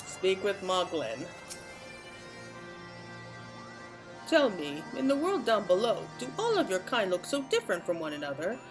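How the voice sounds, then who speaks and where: A woman's voice: medium pitch, big pitch swings, moderate pace, over music, lightly acted. A woman voicing a big, pompous male Moogle chieftain in a game, reading his lines in a stately, old-fashioned way. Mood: haughty. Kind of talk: reading game dialogue aloud.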